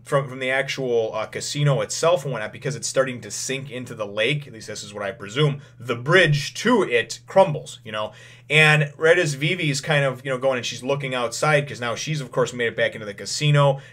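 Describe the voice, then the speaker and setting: A man's voice: medium pitch, a bit bright. A man hosting his own channel, casually retelling a comic chapter, rambling with lots of "you know" fillers and the odd chuckle. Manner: chuckles now and then. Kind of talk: casual chat recap.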